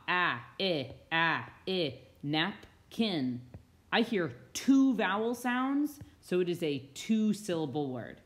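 A woman teacher narrating a slideshow reading lesson, patiently explaining and sounding out words. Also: low-pitched.

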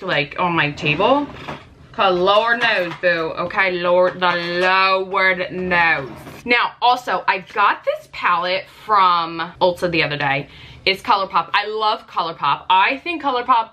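A woman's voice: mid-range voice, pushed and bright. A woman in her late thirties, a makeup artist chatting casually and sassily through a makeup routine at her desk at home. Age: late 30s. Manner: sassy, chatty, exclamatory, with frequent asides. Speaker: makeup artist and beauty vlogger. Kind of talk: casual makeup tutorial chat.

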